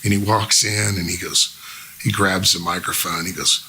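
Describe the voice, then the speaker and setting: A man in his fifties, a musician guest telling stories in a casual, animated way and imitating the people he quotes. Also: on the low side, normal speed, slight background noise. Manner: animated storyteller who mimics the people he quotes. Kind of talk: casual storytelling.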